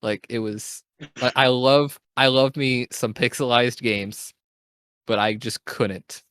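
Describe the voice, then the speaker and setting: A man's voice: mid-range voice, fairly even intonation, takes it slowly, fairly bright tone, no room sound. A young man hosting a casual gaming podcast, talking in an enthusiastic, rambling way and correcting himself as he goes. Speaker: podcast host.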